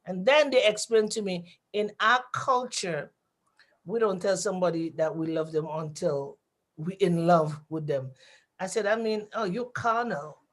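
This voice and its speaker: A woman telling personal stories on a radio show, lively and acting out the voices of people she quotes. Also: on the low side, a little slow. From grew up outside Canada.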